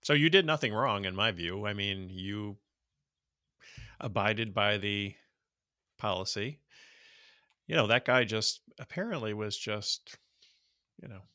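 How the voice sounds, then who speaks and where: A man chatting casually as co-host, making wry, measured remarks. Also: fairly low pitch, expressive, pushed and bright, no echo, studio quality. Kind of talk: casual chat, reacting and advising.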